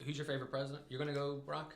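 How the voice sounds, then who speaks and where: A man's voice: a little high, level tone, racing, slight background noise. A young Irish man hosting a live stream, reading out audience questions with dry jokes. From Ireland. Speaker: livestream host. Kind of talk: casual livestream chat.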